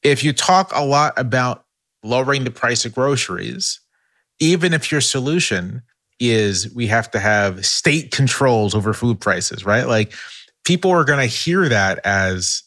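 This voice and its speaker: A man's voice: mid-range voice, animated, a little slow, pushed and bright, dry recording. A man analyzing politics in a casual podcast discussion, thinking aloud with frequent restarts and "right?" tags.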